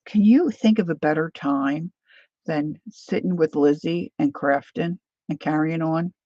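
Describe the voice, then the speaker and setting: A woman with a low, mellow voice talks a little slowly as she hosts a crafting livestream, rambling, teasing herself, and chatting with viewers by name. The recording is dry with a dull lo-fi sound.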